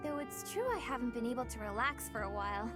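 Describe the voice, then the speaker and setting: An actress voicing a shy young woman in a video game, speaking in a halting, bashful way. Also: fairly high pitch, lightly acted. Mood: cheerful. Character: shy young woman tearfully confessing love. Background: loud game music.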